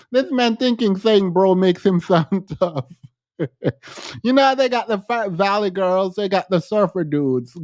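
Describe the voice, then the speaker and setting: A man's voice: high-pitched, a little mellow, dry recording, studio quality. Male co-host riffing casually, teasing and laughing through his commentary. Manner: mocking, laughs often. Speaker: podcast co-host.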